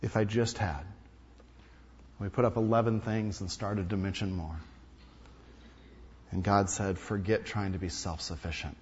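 A male pastor preaching a sermon, emphatic, repeating key lines and swinging between loud and hushed delivery. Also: lowish voice, steady tone, measured pace, long pauses, husky. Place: large hall or sanctuary. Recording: dull sound with long hall reverb.

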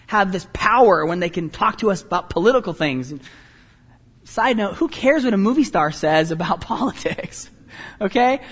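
Animated high-voiced male preacher. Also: big-room sound. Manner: animated, self-deprecating storytelling with quick asides. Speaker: pastor. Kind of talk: sermon.

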